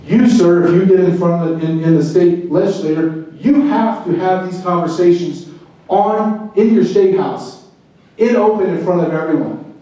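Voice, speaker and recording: A man's voice: high voice, moderate pace. Middle-aged guy preaching hard at a club, big echoey hall sound, mic far off. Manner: fervent, preaching, swings loud and quiet. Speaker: retired border agent giving a speech. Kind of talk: impassioned speech to a club.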